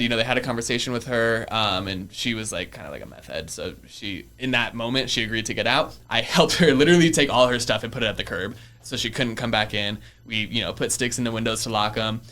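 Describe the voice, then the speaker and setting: Young man in his twenties, podcast guest, bright forceful voice, chatty storyteller who laughs a lot. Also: mid-range voice, a little fast, hardly any pauses. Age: early 20s. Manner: chatty, laughs often, many fillers. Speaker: real estate investor guest. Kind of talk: casual storytelling interview. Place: podcast studio.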